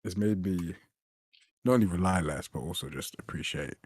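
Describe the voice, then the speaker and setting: A man's voice: low voice, moderate pace, husky, no room sound, studio quality. A young man, a game developer chatting casually on a stream, rambling and swearing as he tells stories. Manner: rambling, swearing, animated retelling. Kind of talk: casual chat.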